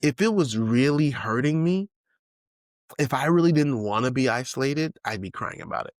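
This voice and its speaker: A man's voice: medium pitch, expressive, normal speed, no room sound, clean studio sound. A man in his forties hosting a solo podcast, talking without notes in a candid, reflective way, full of restarts and "you know what I'm saying.". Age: 40s. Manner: candid and emotional, swears casually. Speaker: podcast host. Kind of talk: unscripted solo podcast monologue.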